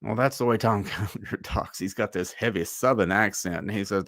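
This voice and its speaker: A man's voice: lowish voice, a little fast, creaky, hardly any pauses, fairly bright tone, no echo, clean studio sound. A man hosting a livestream, giving opinionated commentary in a loose, musing way. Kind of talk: casual commentary.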